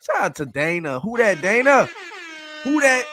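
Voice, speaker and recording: A man, co-hosting a sports podcast and hyping up viewers with slangy shout-outs. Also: sits high, sing-song, normal speed, slight background noise. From New Orleans. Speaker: podcast co-host. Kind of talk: casual sports podcast chat.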